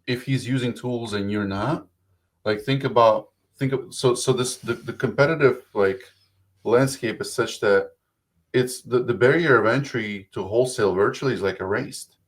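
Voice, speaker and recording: A man's voice: mid-range voice, moderate pace. A man from outside the US speaking as a podcast guest, hesitant, restarting his sentences as he thinks. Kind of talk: casual podcast chat.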